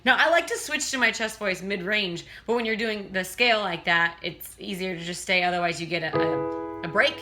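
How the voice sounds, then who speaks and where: A woman's voice: medium pitch, normal speed, loud music behind the voice. A woman teaching a casual singing lesson, chatting and breaking off to demonstrate vocal sounds.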